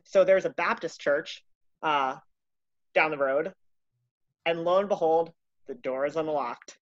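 A woman telling a casual anecdote in a profane, animated, self-mocking way. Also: sits low, measured pace, no room sound, highs cut off. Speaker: storyteller.

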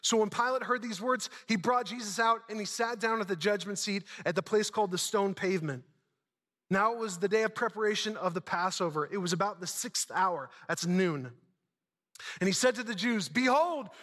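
A man's voice: sits high, a little fast, pushed and bright, big-room sound. A man preaching a sermon, retelling a story dramatically with casual asides. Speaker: pastor.

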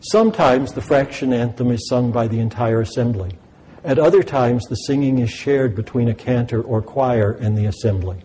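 A man teaching about sacred music in a measured, explanatory way. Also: medium pitch, dark tone, a little hiss or hum, rough recording. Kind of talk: scripted lesson narration.

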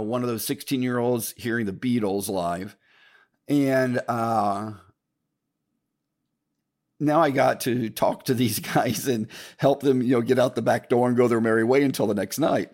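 A man's voice: medium pitch, darkish tone. An older man telling a long personal story in a casual, rambling way, with restarts, mild swearing and repeated asides to "folks". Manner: keeps addressing listeners as folks. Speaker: podcast host telling a story.

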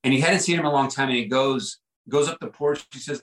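A man's voice: mid-range voice, fast, fairly bright tone, echoey room, a little hiss or hum, rough recording. A man guest on a podcast, telling a personal story in an earnest, reflective way, often repeating himself and saying "like" and "right?".

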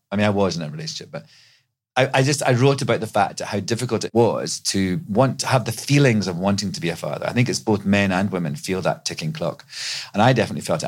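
Man, middle-aged, from Scotland, low voice, chatty, rambling, podcast guest. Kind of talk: casual chat.

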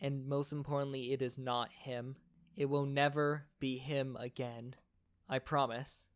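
A man voicing a caring adult man on a phone call, talking someone through a panic in a calm, firm, reassuring way. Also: fairly high pitch, normal speed, smooth, no echo, studio quality, lightly acted. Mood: soothing.

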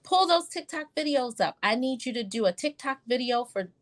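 A middle-aged woman pediatrician in a casual podcast interview, chatty and quick to laugh, often acting out her talks with patients. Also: sits high, expressive. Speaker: pediatrician guest.

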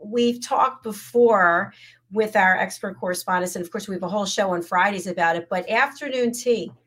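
A woman's voice: mid-range voice, moderate pace, a bit bright. A woman hosting a casual talk show, friendly and steering the conversation with questions.

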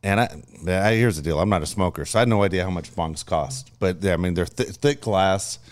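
A man's voice: sits low, fairly quick. A middle-aged man, a father co-hosting a podcast, telling family stories in a laid-back, casual way. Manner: laid-back, animated when acting out his son's yelling. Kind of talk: casual storytelling chat.

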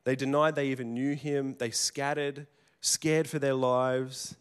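A man's voice: mid-range voice, flat delivery, a little slow, clear, resonant tone. A man preaching a sermon in a conversational storytelling way, with casual restarts and asides. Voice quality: plain working tradesman's speech.

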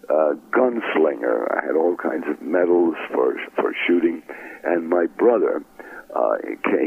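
Here an older Brooklyn man, an actor, shares anecdotes in an interview while imitating the voices of people he quotes. His deep voice is gravelly with a breathy edge, captured in a dry recording over a tinny, phone-like line.

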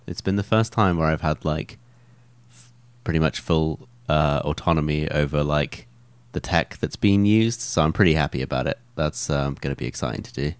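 Deep young guy on a podcast, rambly, lots of ums, dry mic. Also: moderate pace, smooth, no room sound. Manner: rambling, hesitant, many fillers. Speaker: podcast co-host. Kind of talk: casual chat.

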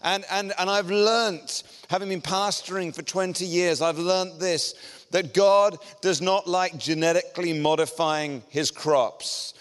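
A middle-aged English man preaches a sermon as a guest preacher to a church congregation, lively, joking, and self-deprecating. His smooth, clear voice sits high and moves a little slowly, carrying a long reverb from the large church hall.

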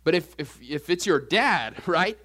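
A young man preaching a sermon as pastor, animated, jumping his voice up high when acting out quoted asides. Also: a little slow.

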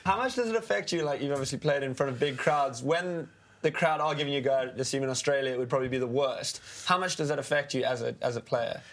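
A man's voice: medium pitch, quick pace, a bit bright. A man from South Africa, a guest on a chat show, talking in an easygoing, friendly way. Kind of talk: casual chat.

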